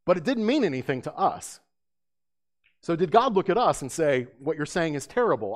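A middle-aged man preaching a sermon, conversational and storytelling, full of rhetorical questions. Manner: hushed and low during prayer. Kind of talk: sermon with opening prayer.

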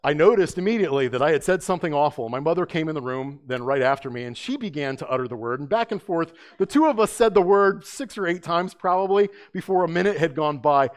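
A man's voice: expressive, quick pace, hardly any pauses. A middle-aged man preaching in a slightly raised, light voice. He tells stories in an easy conversational way and keeps asking the listeners rhetorical questions. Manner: hushed and low during prayer. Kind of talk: sermon with opening prayer.

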